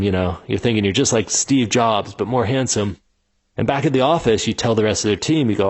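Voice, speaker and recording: A man's voice: lowish voice, quick pace. A man casually teaching how to run customer conversations, full of conversational fillers, and slipping into the voices of the people he describes. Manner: conversational, many fillers, animated when quoting people. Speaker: instructor explaining customer interviews. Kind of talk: casual spoken lesson, acting out example dialogues.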